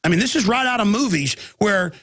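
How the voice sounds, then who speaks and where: A man's voice: high voice, expressive, a little fast, fairly bright tone, breathy edge, dry recording, clean studio sound. A man hosting a talk radio show, rambling and agitated with many restarts, talking through a chest cold with coughing.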